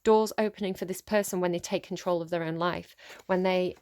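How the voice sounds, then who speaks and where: A woman's voice: fairly low pitch, steady tone, fairly quick, a little mellow. A woman giving a casual tarot reading. She rambles, with lots of fillers and sighs. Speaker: tarot reader.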